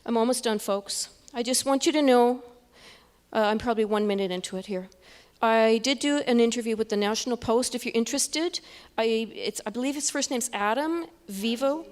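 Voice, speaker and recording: A woman nurse giving emotional, halting testimony at a town hall meeting, often repeating herself. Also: on the high side. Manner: halting, repeats words, tearful toward the end. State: crying. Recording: echoey hall with long reverb.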